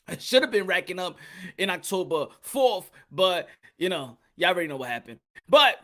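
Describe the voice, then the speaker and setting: A lively man hosts a boxing live stream, talking in loose, repetitive bursts and shouting out names from his chat. His voice has a bright, forceful edge. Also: very high-pitched, fairly quick. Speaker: boxing channel host. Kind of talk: live-stream commentary chatting with viewers.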